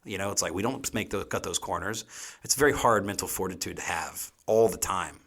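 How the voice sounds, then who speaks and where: A man's voice: low voice, brisk, fairly bright tone. A man in his thirties, a chef being interviewed, talking casually and rambling with many fillers. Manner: rambling, frequent "you know" fillers. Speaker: chef guest.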